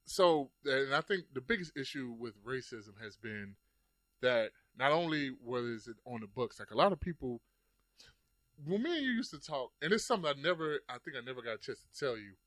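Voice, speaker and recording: A man in his thirties talks casually on a podcast in a middle-pitched voice. He tells loose, rambling stories, swears freely and says "like" all the time. The sound is dry and close. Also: big pitch swings, fairly quick, a bit bright, no room sound. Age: 30s. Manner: loose, profane storytelling with many "like" fillers. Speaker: podcast host.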